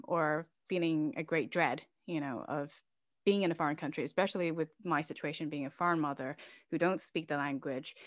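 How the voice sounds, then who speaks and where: A middle-aged woman sharing a personal story in an interview, speaking candidly and with feeling. Her voice sits fairly low for a woman. The sound is dry and close, with no room around it. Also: no room sound. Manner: candid and emotional, with many fillers and restarts. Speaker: interview guest, organization founder.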